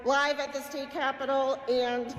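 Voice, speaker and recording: A woman's voice: high-pitched, flat delivery, unhurried, a bit bright, soft background music. A woman with a Minnesota accent, a state representative, filming a hesitant report on her phone in an indoor hall. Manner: plain, hesitant, with many ums. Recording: echoey hall phone recording.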